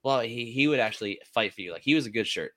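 A man co-hosting a casual veterans' chat, telling profane stories with animated quoted lines. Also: mid-range voice, fast. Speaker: podcast co-host.

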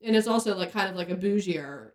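A woman's voice: on the low side, quick pace. Blunt young woman in an echoey room. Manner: blunt, swears freely, acts out both sides of a story. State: pregnant. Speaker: podcast co-host. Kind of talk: casual chat.

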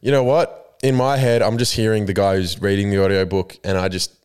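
Rambling Australian man with a low voice. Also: brisk, smooth. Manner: animated rambling storyteller, swears freely. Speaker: podcast co-host. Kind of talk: casual banter.

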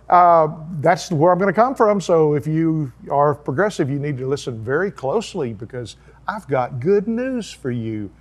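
A man preaches in a folksy, earnest way, breaking into chatty asides. His voice sits a little higher than most men's. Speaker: pastor. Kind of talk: sermon-style video talk.

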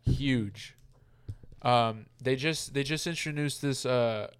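A man's voice: mid-range voice, takes it slowly, clean tone. Laid-back man co-hosting a podcast. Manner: loose, filler-heavy, swears casually. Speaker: podcast co-host. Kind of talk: casual chat.

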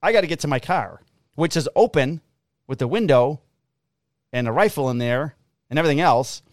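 A middle-aged man, a police officer, telling a story in a casual, profane, animated way. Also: a little high, moderate pace, no room sound, clean studio sound.

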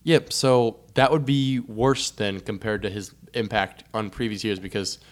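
A young man co-hosting a podcast, chatting casually about sports with an animated, joking manner and frequent asides. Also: fairly low pitch, measured pace. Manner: animated, laughing, trailing off into asides. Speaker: podcast co-host.

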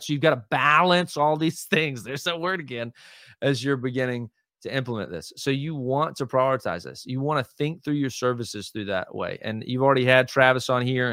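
Male pastor, mid-pitched voice, emphatic teaching tone, fillers and restarts, dry close recording. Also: a bit bright, no room sound. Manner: emphatic, teaching tone, keeps asking "right?" and saying "hear me"; many fillers and restarts, quick asides. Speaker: lead pastor, podcast guest. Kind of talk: casual conversational interview.

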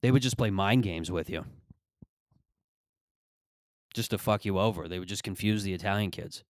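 A man's voice: sits low, normal speed. A man in his thirties hosting a podcast, telling stories in a rambling, profane, comedic monologue. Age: 30s. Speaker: podcast host.

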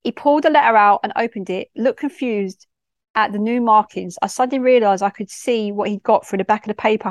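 A woman, a school mentor, telling a personal story in a heartfelt, expressive way with local slang. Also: medium pitch, a little fast, dry recording, studio quality.

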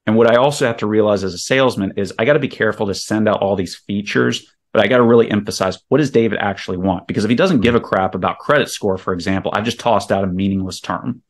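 Low-voiced man breaking down a sales pitch. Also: quick pace, hardly any pauses. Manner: emphatic, walks through scenarios step by step. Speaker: real estate investor guest. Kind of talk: explaining sales tactics in a podcast chat.

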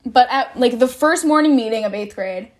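At a moderate pace and fairly high pitch, a young female vlogger recounts a story as a rant. The retelling is dramatic and casual, full of cursing and the filler word "like."

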